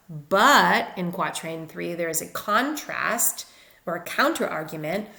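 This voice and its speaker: A woman's voice: lowish voice, vocal fry, fairly bright tone, reverberant. A woman literature teacher explaining step by step over slides in a recorded lecture. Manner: methodical, explanatory.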